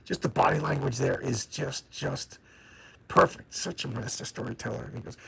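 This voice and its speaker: Gravelly man chatting about comics. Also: mid-range voice, expressive, moderate pace, fairly bright tone, a little hiss or hum, poor audio. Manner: enthusiastic, stammers and repeats words. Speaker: comic book reviewer. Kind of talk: casual spoken comic review.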